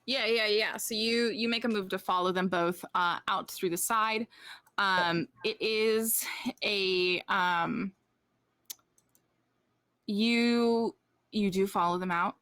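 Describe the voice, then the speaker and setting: Woman game master, unhurried narration, filler-heavy, dry voice. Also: medium pitch, steady tone, fairly bright tone, clean tone, dry recording.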